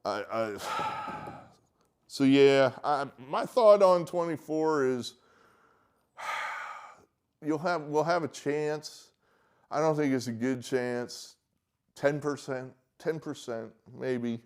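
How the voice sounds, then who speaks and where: A man's voice: medium pitch, drawn-out words, pauses often, smooth. A man giving a casual, exasperated political opinion monologue, ranting with sarcastic asides. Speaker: political commentator; poll worker.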